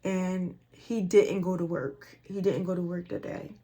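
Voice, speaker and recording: A woman's voice: lowish voice, level tone, measured pace, warm tone. A middle-aged woman vlogger telling a personal story in a casual way. She repeats phrases and acts out the dialogue.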